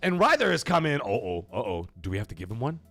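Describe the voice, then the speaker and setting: A man in his thirties hosting a live gaming stream, chatting and reading viewer super chats, breaking into loud excited shouts. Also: mid-range voice, quick pace, dry recording, soft background music. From Canada. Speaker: host of a gaming livestream.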